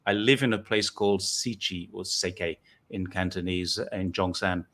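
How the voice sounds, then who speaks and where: A man's voice: deep voice, steady tone, normal speed, fairly bright tone. A man from northeast England hosting a casual chat, rambling and self-deprecating as he tells his story. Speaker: host.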